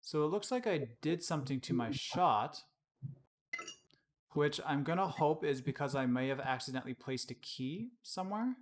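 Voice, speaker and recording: A man casually explaining his work on a live-streamed software tutorial, chatting and laughing at his own slips. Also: a little high, animated, moderate pace. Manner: casual, laughs often, self-deprecating.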